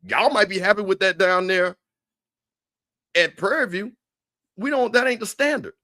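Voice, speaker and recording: A man co-hosting a sports talk stream, teasing rivals in an animated, repetitive way. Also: high-pitched, moderate pace. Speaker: show co-host. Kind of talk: casual trash-talk commentary.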